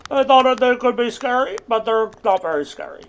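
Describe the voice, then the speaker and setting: A young man giving rambling, absurd deadpan commentary while playing a video game. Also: very high voice, fairly quick, a little hiss or hum. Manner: rambling deadpan non-sequitur jokes. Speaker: gaming streamer. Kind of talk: absurd comedic gameplay commentary.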